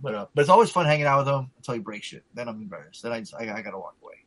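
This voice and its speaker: A man's voice: medium pitch, animated, rapid-fire, a bit bright, poor audio. A man telling a rambling, profanity-laced story in casual chat, full of fillers.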